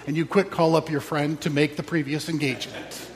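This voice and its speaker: A man's voice: a little high, flat delivery, fairly quick, in a large hall. A man preaching a sermon as pastor, reflective with wry asides.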